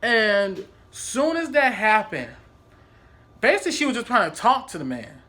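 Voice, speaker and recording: A man telling a story in a casual, animated, profane vlog style. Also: high voice, moderate pace. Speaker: vlogger.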